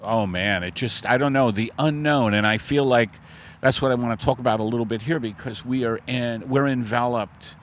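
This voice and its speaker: A man's voice: mid-range voice, normal speed, a little hiss or hum. A man hosting a comedy podcast, rambling through a surreal improvised story and chatting. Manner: rambling, surreal, self-interrupting. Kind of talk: absurd improvised storytelling and casual chat.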